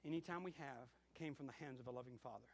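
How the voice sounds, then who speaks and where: A man's voice: medium pitch, fast talker. A middle-aged male pastor preaching a sermon, telling stories and acting out bits of dialogue. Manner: animated storytelling with acted-out dialogue.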